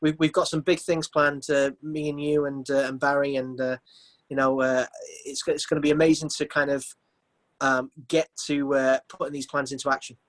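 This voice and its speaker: A man chatting on a video call as a guest poet, friendly and a little halting. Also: on the high side, flat delivery. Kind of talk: casual video call chat.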